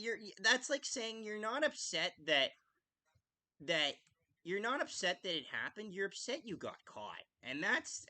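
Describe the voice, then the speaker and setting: A high-pitched man with a bright, tense edge hosts a hockey podcast live. He rants with passion, swears freely and keeps restarting his sentences. His voice swoops up and down as he talks. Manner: ranting, impassioned, frequent "like" fillers and restarts. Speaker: podcast host. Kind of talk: casual live-stream commentary.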